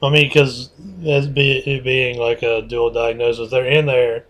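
A man in casual conversation speaks slowly and haltingly, trailing off between phrases. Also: medium pitch, level tone, fairly bright tone, poor audio. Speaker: conversation partner.

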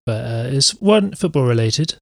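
A sleepy, yawning man co-hosting a podcast, talking in halting, trailing sentences. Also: medium pitch, expressive, creaky, darkish tone, no room sound, clean studio sound. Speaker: podcast co-host. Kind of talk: casual chat.

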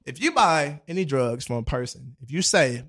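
A man's voice: medium pitch, lively intonation, moderate pace, fairly bright tone, slightly rough. A young man in casual chat, telling a loose, profanity-laced story full of slang and acted-out quotes.

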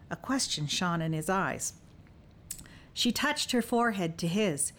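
A woman's voice: fairly low pitch, normal speed, a bit bright. Woman narrating a romantic fantasy audiobook.

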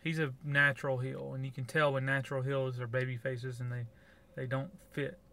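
Guy co-hosting a podcast, opinionated and sarcastic, bright forceful voice. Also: mid-range voice, little pitch movement, fairly quick, creaky. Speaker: podcast co-host. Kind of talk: casual wrestling review chat.

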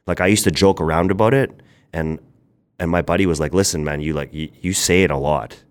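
A young man, a podcast guest, telling his story in casual, rambling speech with filler words and quick bursts. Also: sits low. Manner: rambling, quick bursts, quotes people in animated voices. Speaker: podcast guest, brand founder.

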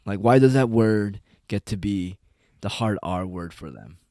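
A man's voice: on the low side, unhurried, dark tone, no echo, studio quality. A man giving a casual, rambling, profane rant as an online commentator. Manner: profane, rambling, heavy on "like" and "dude".

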